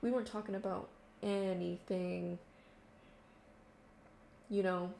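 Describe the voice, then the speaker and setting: In an echoey room with a faint background noise, a young woman who vlogs tells a story casually, using many fillers and quoted voices. Her mid-range voice is slow, flat, warm, and full of vocal fry.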